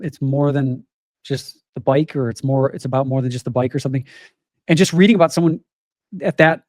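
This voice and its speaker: A man's voice: mid-range voice, a little mellow, no echo. A middle-aged man speaking as a guest in an interview, talking in an earnest, open and reflective way. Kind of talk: candid interview conversation.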